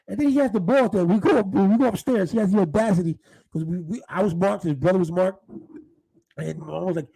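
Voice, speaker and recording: A man telling profane street stories in a casual, animated monologue, full of restarts. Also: sits high, fast talker, vocal fry, slightly rough, poor audio. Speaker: podcast host.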